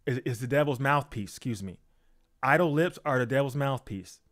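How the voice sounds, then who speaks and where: A man preaching an informal sermon, emphatic and repetitive, acting out quoted excuses in a higher voice. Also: expressive, normal speed, a bit bright.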